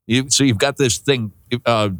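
A man's voice: medium pitch, steady tone, moderate pace, a bit bright, a little hiss or hum. A man hosting a radio call-in show, talking casually and joking with his co-host between listener questions. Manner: conversational, self-deprecating, jokey asides.

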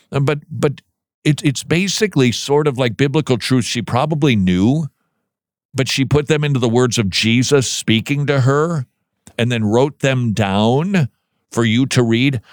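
A man's voice: mid-range voice, no echo. Earnest man, dry close sound. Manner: earnest, emphatic, preacherly. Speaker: Christian commentary host. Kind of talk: reading news clips and commenting.

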